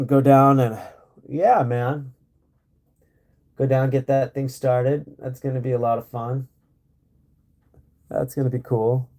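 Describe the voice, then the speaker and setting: A man's voice: mid-range voice, warm tone. Laid-back man rambling on a live stream. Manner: rambling, laid-back, laughs often, many fillers. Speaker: livestream host. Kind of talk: casual live-stream chat. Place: home in rural area.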